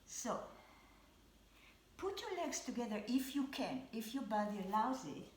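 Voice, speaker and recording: A woman guides a Pilates class at home, giving calm, repeated cues for every movement. She talks slowly with a slightly high voice. The room around her is echoey. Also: a little hiss or hum. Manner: calm, repetitive cueing with counts. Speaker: Pilates instructor. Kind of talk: live exercise class instruction.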